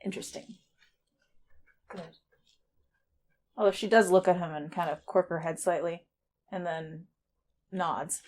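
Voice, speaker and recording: A woman's voice: fairly low pitch, steady tone, a little slow, long pauses, darkish tone. A woman playing a character in a tabletop game, speaking in a composed, dry manner. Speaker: player. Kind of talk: tabletop role-play.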